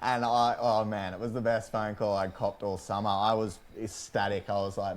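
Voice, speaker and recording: An Australian man co-hosting a podcast, talking in an excited, storytelling way and laughing easily. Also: on the low side, normal speed. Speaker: podcast co-host. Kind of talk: casual chat.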